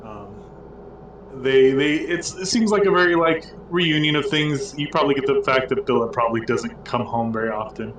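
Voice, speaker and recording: A man's voice: medium pitch, fairly bright tone, slight background noise. Casual male game master, loose and rambling, echoey room, far mic. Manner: loose and rambling, many fillers. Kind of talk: casual tabletop game narration.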